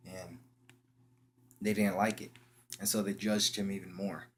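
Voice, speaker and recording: A young man telling a story in a casual, slangy way, halting often and restarting his sentences. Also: sits low, little pitch movement, a bit bright, slight background noise. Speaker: vlogger.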